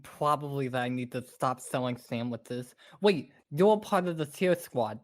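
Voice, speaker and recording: A woman's voice: a bass voice, unhurried. A woman voicing a jittery, awkward teenage boy who talks bluntly.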